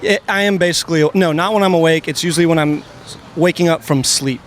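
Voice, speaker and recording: A man's voice: a little high, quick pace, a little hiss or hum. A man in his twenties, answering questions on a city street, talking earnestly and rambling with lots of fillers. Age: 20s. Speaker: interviewee. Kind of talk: casual street interview.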